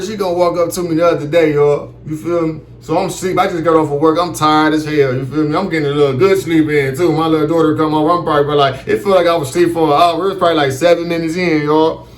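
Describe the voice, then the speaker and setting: A man's voice: on the high side, fast talker, roomy sound. A man telling a comic story casually, profane and loose, often asking "you feel me". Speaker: comedic storyteller.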